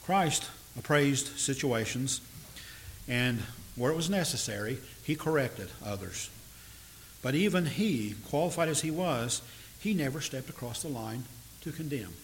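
A man preaching a sermon in a measured, earnest way, stressing key words slowly. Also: medium pitch, animated, low-quality recording. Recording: faint hiss.

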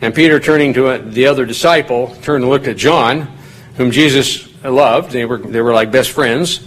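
A man's voice: normal speed, a bit bright, poor audio. Man teaching a casual Bible study. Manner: conversational, rises in pitch when reading quoted lines. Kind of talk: informal Bible study talk.

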